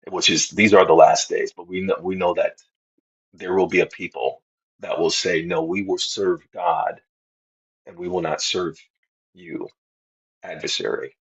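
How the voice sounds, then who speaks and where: A man talking earnestly and slowly about Bible verses in a casual discussion, often restarting his sentences. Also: sits low, flat delivery, breathy edge, highs cut off. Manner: slow, earnest preaching tone with many restarts. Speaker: co-host of faith podcast.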